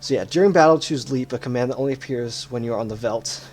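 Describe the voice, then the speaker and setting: A man's voice: mid-range voice, fast, a little mellow. Man explaining a game over faint music. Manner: explanatory, self-correcting. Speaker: let's play host. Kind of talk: casual game commentary.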